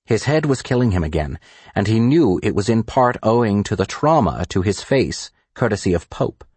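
A male narrator reading a thriller audiobook in a very low, measured voice. His delivery is deliberate and steady. The recording is close and completely dry. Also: breathy edge, no room sound.

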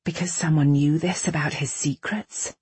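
A woman voicing a weary, wary young woman librarian-spy who speaks in hushed, anxious tones. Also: low voice, steady tone, normal speed, breathy edge, no room sound.

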